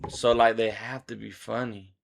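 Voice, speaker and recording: Male streamer host, gravelly voice, loud casual banter, medium pitch. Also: level tone, moderate pace, a little hiss or hum. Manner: loud, slangy, joking banter. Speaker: livestream host. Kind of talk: casual livestream chat. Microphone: desk microphone being adjusted.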